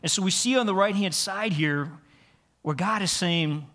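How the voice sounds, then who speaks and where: Male pastor, light-pitched, earnest conversational sermon delivery with frequent restarts. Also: normal speed, a bit bright. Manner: earnest, repeats words and restarts phrases. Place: church sanctuary.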